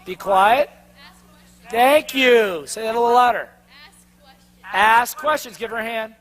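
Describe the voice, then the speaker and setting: A man in a live sales seminar, a trainer who keeps throwing quick questions at his audience and making them answer back. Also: very high-pitched. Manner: energetic, call-and-response questions to the crowd; drops to a mocking tone for the inner doubting voice.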